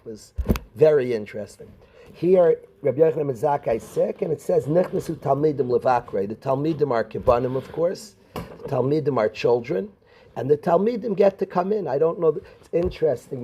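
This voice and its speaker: Dark-voiced rabbi quizzing his students. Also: medium pitch, a little hiss or hum, rough recording. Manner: addresses students by name, questioning. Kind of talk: Torah class.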